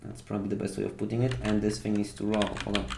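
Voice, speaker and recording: A man's voice: lowish voice, flat delivery, rapid-fire, gravelly, darkish tone. A young man narrating a tabletop game as game master, rambling with many fillers and restarts.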